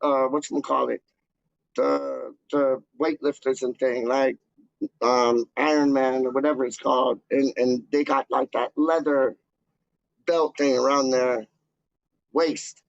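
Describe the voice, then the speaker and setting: A man hosting a fan channel chats casually to camera, rambling, loose, and slangy, packed with "like" and "dog" fillers. His mid-range voice is gravelly, with fairly even intonation and a measured pace. The sound is dull, lo-fi, and dry, with no echo.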